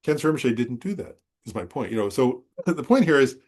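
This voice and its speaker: A male Buddhist teacher speaking at an ordinary middle pitch, talking to his students in an informal, unscripted way. He wanders through a personal story with restarts and asides. He keeps asking whether they follow. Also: lively intonation, normal speed, darkish tone. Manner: conversational, rambling, checks understanding with listeners. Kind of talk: dharma talk with personal storytelling.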